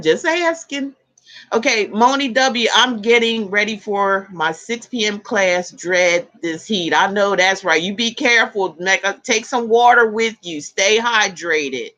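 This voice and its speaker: Talkative lady greeting her live chat, bright voice that jumps all over, laughs a lot. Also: medium pitch. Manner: chatty, greets viewers and reads comments aloud; laughs easily, animated exclamations. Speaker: tarot reader hosting a live stream. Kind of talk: casual live-stream chat.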